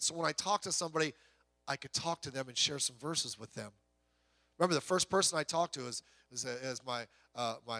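Casting: middle-aged man preaching a casual, humorous sermon, high bright voice, dry close sound, acts out little voices. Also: dry recording. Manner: animated storyteller, acts out voices, rising to loud exclamations. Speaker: pastor.

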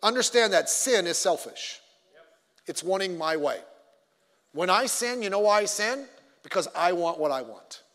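A man's voice: high voice, animated, moderate pace, a bit bright. A middle-aged man preaching a sermon, telling stories animatedly with stammered restarts and acted-out voices. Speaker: pastor. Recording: long hall reverb.

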